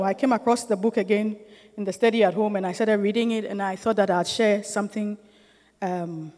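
A woman's voice: medium pitch, a little mellow, in a large hall. A middle-aged woman giving an informal sermon-style teaching to a church group, conversational and often checking in with her listeners, growing emphatic and urging.

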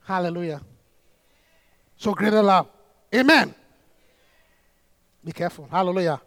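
Male preacher, strikingly high voice with lively swings, close dry sound; animated sermon, laughing, breaking into shouts. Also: measured pace, no echo.

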